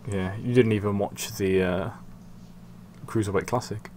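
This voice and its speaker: A man hosting a casual gaming commentary, dry, deadpan and sweary. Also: on the low side, unhurried, slight background noise. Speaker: host.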